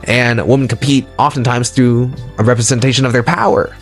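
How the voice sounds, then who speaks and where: A man's voice: mid-range voice, fairly even intonation, a little fast, soft background music. A man giving a motivational audio lecture, emphatic and preachy, repeating his points for stress. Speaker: lecturer on relationships.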